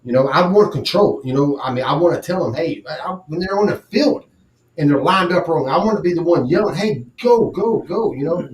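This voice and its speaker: A man with a slightly high voice talks sports in a blunt, cursing, animated way. His voice carries a noticeable room echo. He sounds like a casual podcast co-host. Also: quick pace, slight background noise. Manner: profane, blunt, animated storytelling. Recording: roomy echo.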